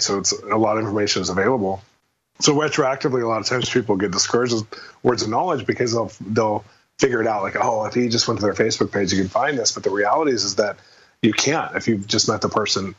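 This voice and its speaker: A man telling a personal faith story in a casual interview, fast and animated, acting out the quotes. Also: fairly low pitch, breathy edge, dull audio. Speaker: guest minister.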